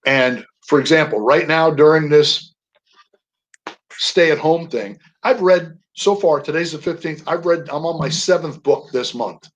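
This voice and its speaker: An older man, a guest on a radio interview, telling personal stories with animated emphasis on single words. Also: on the high side, unhurried, poor audio. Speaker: guest, veteran.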